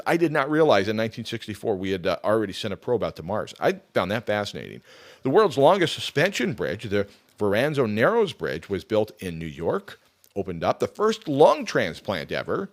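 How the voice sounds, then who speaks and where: A man hosting a radio talk show, chatting casually as he reads through a list of facts and drops quick personal asides. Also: lowish voice, huge pitch swings.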